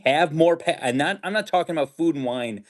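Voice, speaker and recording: A man's voice: on the high side, brisk. A man hosting a pin sale livestream, chatting casually with restarts and calling out auction items. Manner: rambling, enthusiastic, restarts sentences. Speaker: host selling pins on a livestream. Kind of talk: casual chat and auction calls.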